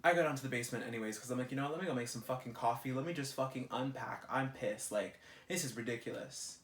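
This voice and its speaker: A young man, ranting in a vlog, animated and exasperated, swearing a lot. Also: mid-range voice, quick pace. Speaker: vlogger. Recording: roomy echo.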